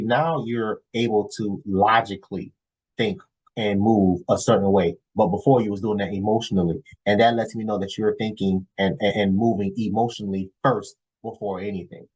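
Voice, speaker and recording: A man vlogging a casual, animated story, acting out dialogue and tossing in "whatever" often. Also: fairly low pitch, normal speed, husky, rough recording. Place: lives in Florida.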